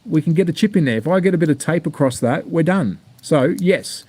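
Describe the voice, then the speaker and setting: Aussie male hobby host, fairly high voice, blunt, sweary, rambling stream chatter. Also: expressive, a little fast, warm tone, dry recording. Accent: Australian. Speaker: slot car channel host. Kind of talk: casual live-stream unboxing chat.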